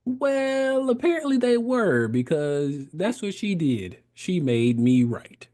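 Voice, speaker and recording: A man's voice: sits high, very animated, slow pace, warm tone. A man in his thirties, a podcast guest, telling his story in casual conversation, laughing often and acting out the voices he quotes.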